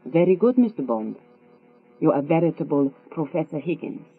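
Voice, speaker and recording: A woman's voice: deep voice, sing-song, normal speed, breathy edge, faint music behind, heavily acted. A woman reading as a mocking femme fatale. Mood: teasing. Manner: teasing, coolly mocking. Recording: tinny, phone-like with mains hum.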